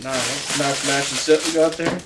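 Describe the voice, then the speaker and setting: A man's voice: mid-range voice, steady tone, a little slow. A man co-hosting a casual unboxing chat, trading laid-back jokes with his partner. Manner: joking, laid-back banter. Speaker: co-host unboxing products. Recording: echoey room, far from mic, background noise.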